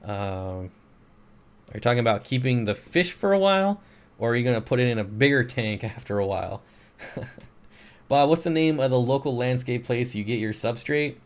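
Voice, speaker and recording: A man's voice: medium pitch, animated, moderate pace. A man hosting a casual live stream, reading viewer questions aloud and answering them in a laid-back, rambling way. He is short on sleep. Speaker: livestream host answering chat. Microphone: streaming microphone.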